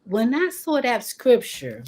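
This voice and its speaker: Animated woman preaching self-acceptance. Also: takes it slowly. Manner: animated, excitable, talks to viewers as y'all; energetic and expressive, jumps in pitch. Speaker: motivational speaker. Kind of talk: motivational livestream talk. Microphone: phone or webcam livestream.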